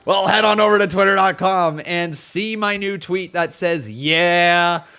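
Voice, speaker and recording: A man's voice: sits high, steady tone, moderate pace, vocal fry, pushed and bright, clear, resonant tone. A man hosting a livestream, giving casual live reactions in a sarcastic, jokey, chatty way. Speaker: livestream host.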